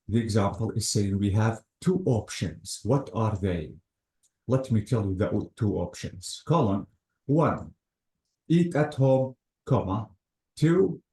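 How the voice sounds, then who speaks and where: Low, mellow-voiced man teaching grammar. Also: lively intonation, a little slow. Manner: methodical, repeats cue words like "notice" and "absolutely". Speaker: English teacher. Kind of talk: classroom grammar explanation. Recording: echoey room.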